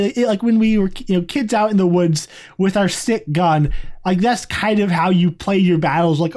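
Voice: mid-range voice, measured pace, a little mellow. A podcast co-host in a casual review chat, talking in a chatty, rambling way with many asides.

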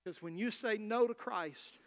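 High-voiced impassioned male preacher. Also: unhurried. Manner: impassioned preaching, voicing Bible figures, swings from loud to soft. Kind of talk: sermon.

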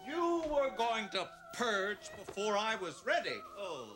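An actor playing a creepy mortician who coos and sings softly to a corpse, in a horror TV clip with classical music under it. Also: male voice, high voice, big pitch swings. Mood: creepy cooing. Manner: slow, cooing and singsong, swooping wildly. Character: creepy leering male mortician courting a corpse.

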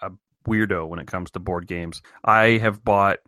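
A man's voice: low voice, steady tone, normal speed, sharp tone, no room sound. A man co-hosting a casual podcast chat, joking in a dry, sarcastic way. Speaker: podcast co-host. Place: home in Maine.

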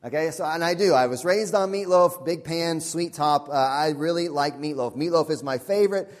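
A pastor delivers a sermon in a fairly high voice at a moderate pace, earnest and emphatic. He repeats his questions and drops to a quiet, intense tone for the key points.

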